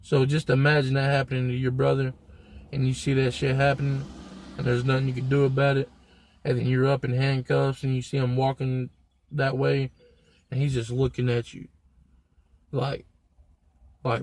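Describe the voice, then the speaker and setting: A man's voice: medium pitch, completely flat delivery, moderate pace, long pauses, darkish tone, no echo. A young man telling a story to his viewers in a blunt, profane, slang-heavy way. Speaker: vlogger. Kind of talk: casual storytelling to camera.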